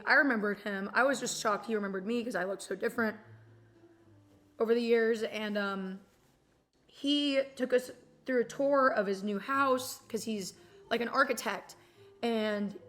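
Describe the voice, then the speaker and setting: A woman's voice: fairly high pitch, fairly bright tone. A young woman streamer from Texas chatting casually and rambling, swearing freely and getting emotional as she talks. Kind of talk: casual chat.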